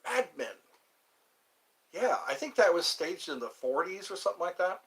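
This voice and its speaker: A man's voice: sits high, big pitch swings, moderate pace, over loud music. A middle-aged man hosting a rambling live chat, joking around and putting on mock voices. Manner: joking, sings lines, mock accents. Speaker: livestream host.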